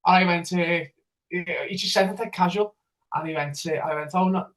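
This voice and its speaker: A man's voice: high-pitched, brisk, a bit bright, low-quality recording. A man, a DJ, telling his story in a casual podcast interview in an eager, rambling way with many restarts. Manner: rambling, repeats himself, eager. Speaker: DJ and radio presenter.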